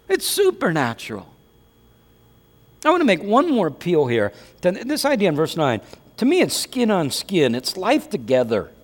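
Animated high-voiced male pastor preaching. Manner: animated, conversational preaching with rhetorical questions. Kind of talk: sermon. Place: church sanctuary. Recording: long hall reverb.

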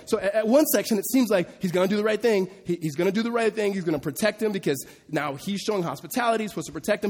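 A man's voice: expressive, quick pace, darkish tone. A man preaching an expository sermon, reading scripture and explaining it in a conversational way that grows emphatic. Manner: conversational, turning emphatic and rising in pitch and volume. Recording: long hall reverb.

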